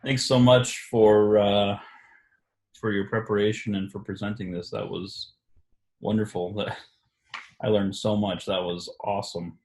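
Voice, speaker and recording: A man hosting a reflective religious discussion, speaking haltingly with many restarts and fillers. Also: fairly low pitch, little pitch movement, darkish tone. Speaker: discussion host. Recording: echoey room.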